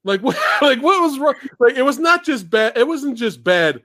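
A man hosting a casual livestream movie chat, talking in an animated, emphatic way and laughing often. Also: extremely high pitch, normal speed, no room sound, studio quality. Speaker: show host.

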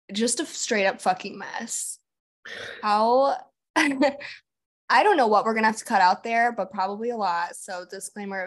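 Young woman, podcast co-host, loose chatty storyteller who swears freely. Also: medium pitch. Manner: chatty storyteller, swears, says "like" and "literally" a lot. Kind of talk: casual chat.

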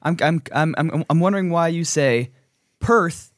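A man's voice: on the high side, a little slow, dry recording. Hesitant man asking questions, dry sound. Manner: hesitant, thinks aloud with restarts. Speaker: podcast producer asking questions. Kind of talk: casual chat.

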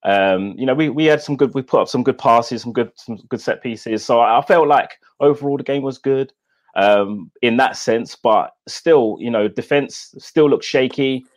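A man's voice: medium pitch, normal speed. A man speaking as a podcast guest, hesitant, with many fillers. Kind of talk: casual podcast chat.

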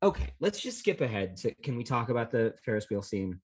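A man's voice: mid-range voice, big pitch swings, a little fast, husky. A man co-hosting a podcast, talking through a film in a rambling, jokey way and swearing often. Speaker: podcast co-host. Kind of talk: casual film discussion.

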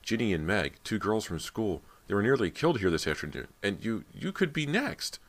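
A man's voice: extremely low pitch, lively intonation, moderate pace, a bit bright. A man voicing a frightened teenage boy in an audiobook, pleading and strained. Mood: desperate. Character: frightened teenage boy, desperate then calm.

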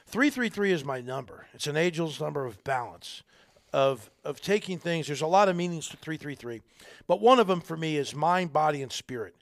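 A middle-aged army veteran speaking as a podcast guest, earnest, rambling and folksy, with a gravelly voice. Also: male voice, a little high, lively intonation, normal speed, dry recording, studio quality. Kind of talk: casual interview talk.

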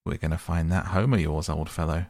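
A man's voice: low voice, fairly even intonation, fairly quick, creaky, a little mellow, no echo. A man reading the part of a kindly, hearty male water rat in a storybook, talking in a bluff, cheerful way.

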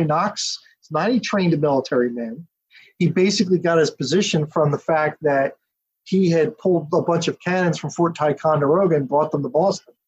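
A man, an author and historian, giving a detailed, steady account as a podcast interview guest. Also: fairly high pitch, slightly rough. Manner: detailed, steady storytelling with asides. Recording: dull lo-fi audio.

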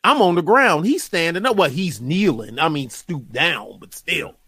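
A man's voice: on the high side, expressive, normal speed, sharp tone, breathy edge, no room sound, studio quality. A man in a casual chat, emphatic and slangy, talking over memories with friends.

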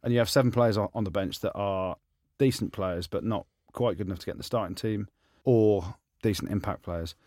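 A low-pitched man in casual podcast banter, teasing his co-hosts and shooting up in pitch when he can't believe what he hears. The sound is dry and close, with no room around it. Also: a little fast, few pauses, dry recording. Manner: animated, teasing banter, rising high when incredulous. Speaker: podcast co-host, former rugby player. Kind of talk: casual chat.

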